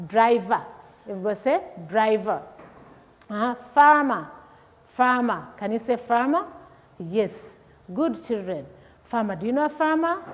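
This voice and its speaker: A woman teacher leading a vocabulary lesson for young children, repeating each word and asking questions. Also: medium pitch. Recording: long hall echo, dull lo-fi sound.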